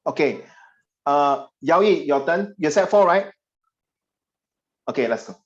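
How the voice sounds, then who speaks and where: A man's voice: on the high side, expressive, a little slow, dull audio. A man with a Singaporean English accent, teaching a class over a video call, chatty and teasing. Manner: chatty, teasing, puts on voices of parents and students. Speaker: tutor.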